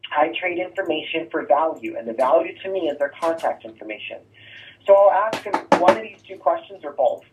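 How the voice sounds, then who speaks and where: A man's voice: on the high side, lively intonation, a little fast, a little hiss or hum. A man teaching real estate agents door-knocking scripts, leaning on rhetorical "right?" asides as he coaches. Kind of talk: sales training talk. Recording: thin phone-like distant sound.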